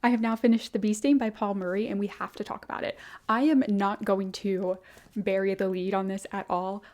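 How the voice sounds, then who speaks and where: A young woman vlogging about books she has read, chatty and gushing, with lots of "like" and quick asides. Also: medium pitch, steady tone, a little mellow. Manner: chatty, gushing, heavy use of "like". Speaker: book vlogger. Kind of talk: casual book review chat.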